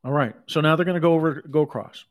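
This sermon comes from a middle-aged pastor whose voice sits a little high. Between scripture readings he drifts into chatty asides and briefly acts out quotes.

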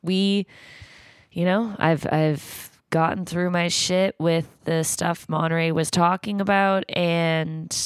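A woman's voice: sits low, gravelly, smooth, no echo, clean studio sound. A woman hosting a podcast with her father, talking casually and candidly, with the odd swear. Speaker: podcast host.

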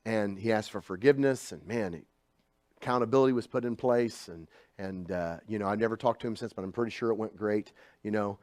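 A middle-aged man with a lowish voice preaches briskly in a conversational, storytelling style, with no echo on the recording. He drops into hushed asides and then rises into loud, emphatic bursts.

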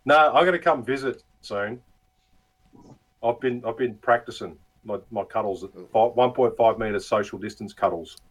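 A husky, medium-pitched Australian man speaks at a normal speed as a guest, casually telling crude, laugh-filled stories with plenty of swearing and often imitating the people he talked to. The recording is rough.

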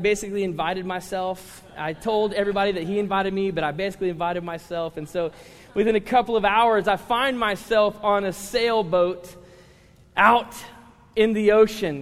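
A man preaching a sermon to his congregation, telling stories with humor and talking directly to the listeners. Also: sits high. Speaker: pastor. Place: large church hall with congregation. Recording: live sermon in a reverberant hall.

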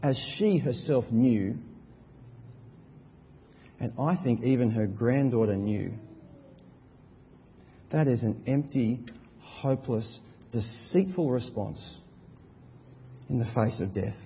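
A man preaching a sermon with earnest emphasis, his voice swinging between soft and loud and repeating words to stress a point. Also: mid-range voice, takes it slowly, pauses often, slight background noise. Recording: dull recording with long hall reverb.

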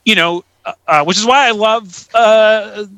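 A man's voice: sits high, measured pace, sharp tone, no room sound, rough recording. A man co-hosting a podcast, chatting casually about films with lots of "like" and "uh" fillers. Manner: rambling, heavy with "like" and "uh" fillers. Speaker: podcast co-host. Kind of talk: casual chat.

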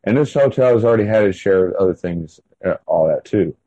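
A man's voice: low-pitched, animated, fairly quick, warm tone, no room sound, muffled recording. A man in his thirties telling his own story in an interview, rambling and full of fillers. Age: 30s. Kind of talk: casual first-person storytelling.

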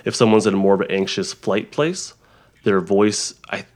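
A man who works as a therapist, explaining ideas in a halting conversational way, with frequent restarts and examples. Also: lowish voice, darkish tone. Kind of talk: conversational interview.

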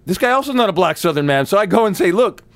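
A man, an actor, telling stories as an interview guest, energetic and profane, acting out quoted lines with big jumps in his voice. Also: high voice, racing, no echo. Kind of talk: animated storytelling.

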